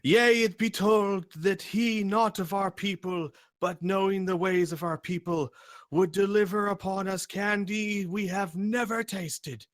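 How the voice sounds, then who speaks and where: An excitable male shopkeeper with a theatrical manner, put on by a man running a tabletop game. He declaims grandly about a prophecy, then haggles pushily over prices. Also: fairly low pitch, slow pace. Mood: proclaiming. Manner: theatrical, swings from grand proclaiming to pushy haggling.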